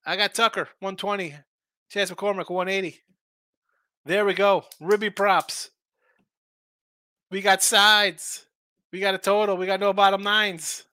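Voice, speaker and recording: A man's voice: high voice, flat delivery, unhurried, long pauses, bright, forceful tone, clean tone, no echo. A man hosting a sports betting show, talking casually and rambling through opinionated takes full of rhetorical questions.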